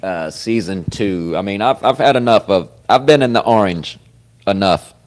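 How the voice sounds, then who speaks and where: Male podcast host, low-pitched, loose profane rambling talk. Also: animated, moderate pace. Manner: profane, rambling, swings loud with sudden laughs. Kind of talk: casual chat. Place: comedy club.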